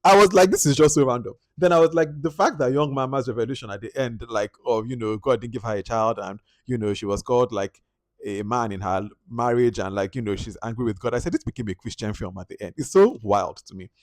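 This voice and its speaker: Animated Nigerian man reviewing a film. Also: fast talker, no echo. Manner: animated and exasperated, jumps into high-pitched outbursts, then drops to quiet asides. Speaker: movie reviewer. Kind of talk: casual spoken film review.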